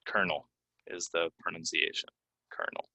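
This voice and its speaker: Male teacher, deep and bright, dry close sound, casual and filler-heavy. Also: level tone, vocal fry, husky, no room sound, poor audio. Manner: casual, explains with many fillers and repeats words slowly. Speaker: English pronunciation teacher. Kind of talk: relaxed video lesson. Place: Florida.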